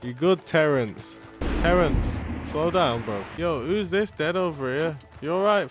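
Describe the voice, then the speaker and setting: A young man commentating his gameplay, swearing and yelling in slang when scared. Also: fairly high pitch, lively intonation, slow pace, pauses often, over music. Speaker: gaming streamer.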